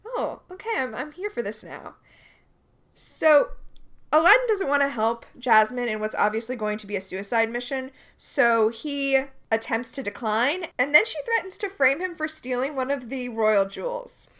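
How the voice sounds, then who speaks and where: A woman with a fairly high voice that jumps around a lot in pitch, talking in a relaxed podcast chat. She is quick and chatty, tossing in playful asides as she recaps a TV episode with her co-host.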